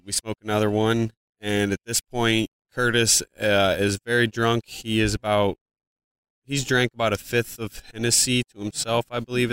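A man's voice: mid-range voice, a bit bright, clean tone, no echo. A comedian from Ohio, a man, telling a personal story in a casual podcast interview, rambling with many fillers and swearing now and then. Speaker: comedian guest.

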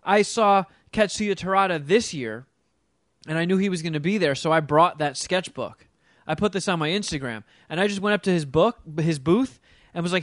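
A man's voice: fairly high pitch, a little fast, dry recording, studio quality. A man in casual chat, enthusiastic and gushing, swearing casually.

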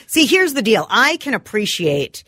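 A woman co-hosting a radio show, answering listener letters in casual banter, animated and quick to exclaim. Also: fairly high pitch, husky, no room sound. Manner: animated, laughs often, exclaims in disbelief. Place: radio studio.

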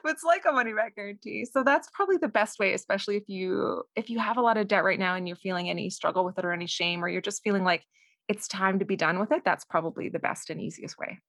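A woman's voice: medium pitch, fast talker, gravelly, a bit bright, no echo. Chatty Canadian woman, dry sound. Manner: chatty, self-deprecating, laughing easily. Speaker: guest author. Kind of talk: casual interview chat.

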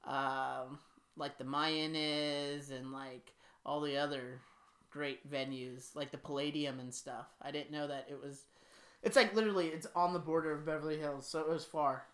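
A woman co-hosting a podcast, chatting casually and teasing her co-host with quick asides. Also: low voice, fairly even intonation. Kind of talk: casual chat.

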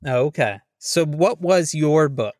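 A man's voice: fairly high pitch, animated, a little slow, a little mellow, no room sound, clean studio sound. A man co-hosting a podcast in casual chat, with a wry, conversational way of talking. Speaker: podcast co-host.

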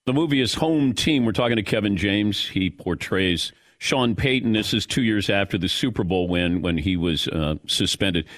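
A man's voice: fairly low pitch, moderate pace, hardly any pauses, fairly bright tone. A man hosting a sports talk show, asking a guest teasing, joking questions. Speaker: sports radio host. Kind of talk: casual interview.

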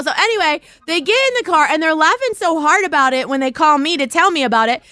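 Lively high-voiced woman host. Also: a little fast, hardly any pauses, no echo. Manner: animated, laughing often, acting out quotes. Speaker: podcast host. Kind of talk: casual live-stream storytelling.

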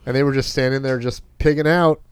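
A man's voice: medium pitch, fairly even intonation, fast, clean tone, dry recording. A man co-hosting a podcast in casual chat, with wry, teasing remarks. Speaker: podcast co-host.

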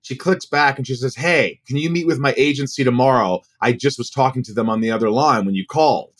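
A man in his forties, a guest actor, telling stories in a casual, animated way and acting out the voices he quotes. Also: mid-range voice, brisk. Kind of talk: casual storytelling.

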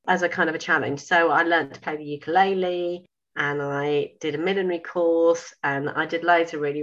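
A woman in her fifties, a sewing school owner, telling a story in a lively way, acting out dialogue and laughing. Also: on the low side, highs cut off. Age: 50s. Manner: animated, laughing, acts out dialogue. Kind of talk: casual storytelling.

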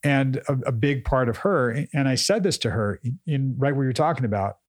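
A man's voice: medium pitch, expressive, fairly quick, dry recording, studio quality. A man co-hosting a casual chat, explaining his coaching approach emphatically and often repeating words as he thinks. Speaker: podcast co-host, coach.

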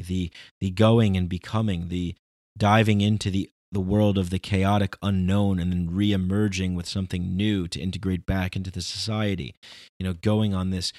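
Guy rambling about big ideas, lowish voice, dry close sound. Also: a little mellow, no room sound. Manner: rambling, philosophical, emphatic. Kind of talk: casual reflective monologue.

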